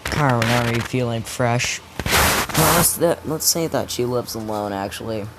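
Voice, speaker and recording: Over constant background noise, a young man makes up a fan-fiction tale on the spot, casual and profane, wandering off track and often starting over. His voice sits at medium pitch and he talks at normal speed.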